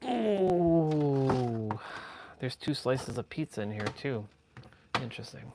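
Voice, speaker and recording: A man's voice: mid-range voice, steady tone, normal speed, creaky, noisy background. A man hosting a live stream, rambling casually and playfully as he chats with his viewers. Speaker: livestream host.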